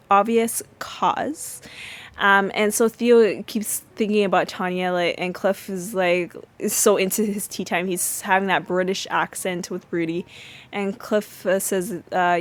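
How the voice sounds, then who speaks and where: A woman hosting a podcast, recapping a sitcom episode in a chatty way with many fillers and restarts. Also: medium pitch. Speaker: podcast host.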